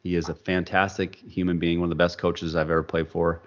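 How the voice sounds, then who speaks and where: Low-voiced guy on a podcast, animated storytelling, kinda muffled audio. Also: fairly quick. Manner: animated storyteller, acts out quoted dialogue. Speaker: podcast guest. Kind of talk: storytelling in casual interview.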